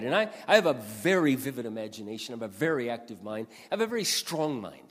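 A man's voice: medium pitch, sing-song, quick pace, hardly any pauses. A man in his sixties giving an earnest sermon as pastor, repeating lines for emphasis. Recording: long hall reverb.

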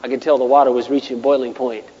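A man preaching a sermon as pastor, impassioned, dropping to hushed asides and rising to shouted bursts. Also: mid-range voice, flat delivery, fast. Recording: muffled echoey hall.

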